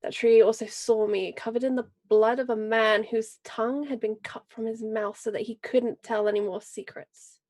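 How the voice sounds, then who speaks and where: A proud, vengeful noble lady, as a woman puts her on, grave and forceful, measured in every word. Her voice sits a little high. She speaks in tabletop role-play. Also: steady tone, close to an everyday voice. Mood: grave storytelling. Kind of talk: in-character role-play speech.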